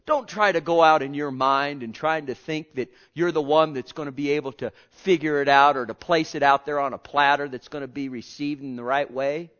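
A man preaching a sermon, swinging from hushed murmurs to loud, fervent exhortations. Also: a little high, fairly even intonation, brisk, hardly any pauses, lo-fi sound.

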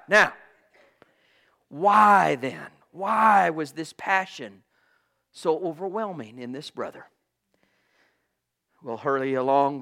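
A man preaching a sermon with great passion, swinging from loud cries to hushed whispers. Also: on the high side. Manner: impassioned, swings from shouting to whispers.

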